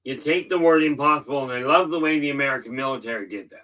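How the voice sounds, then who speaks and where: A man hosting a livestream, giving an earnest motivational talk and stressing key words slowly. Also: mid-range voice, sharp tone, distant mic, poor audio. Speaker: livestream host.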